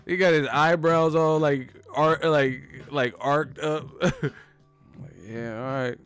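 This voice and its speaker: A man's voice: a little high, steady tone, slow pace, a bit bright, clean tone, faint music behind. A man hosting a boxing live stream, chatting casually and profanely, full of fillers and asides. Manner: loose, profane, filler-heavy banter.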